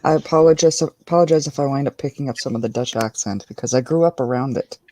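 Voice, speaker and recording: A middle-aged woman with a remarkably low voice, joining a casual stream chat over a video call. She talks in a friendly, slightly apologetic way. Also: fast talker, warm tone. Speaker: stream guest.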